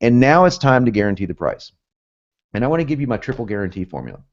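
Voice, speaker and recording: A man's voice: mid-range voice, big pitch swings, fast, dull audio. A man with a Southern US accent with some Northern traces, teaching a copywriting course in an emphatic, pumped-up way, full of repetition and asides. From United States, both North and South. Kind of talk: energetic teaching talk.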